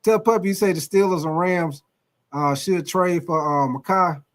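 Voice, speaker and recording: Male sports-stream host with a fairly high voice. Loose, excitable casual chat that keeps calling out to the audience. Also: normal speed. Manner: loose and excitable, calling out chatters, tags lines with "man" and "baby".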